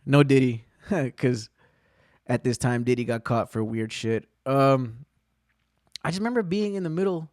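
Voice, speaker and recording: A man hosting his own podcast, telling rambling, profane stories in a casual, excitable way. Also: medium pitch, a little slow, pauses often, no room sound, studio quality. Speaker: podcast host. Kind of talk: casual solo podcast storytelling.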